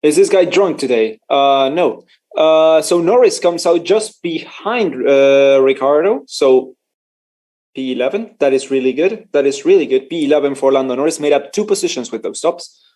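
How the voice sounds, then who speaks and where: A man's voice: fairly high pitch, lively intonation, moderate pace, a little mellow. A man casually commenting on a live race for his stream, chatty and joking, laughing often and stumbling over his words.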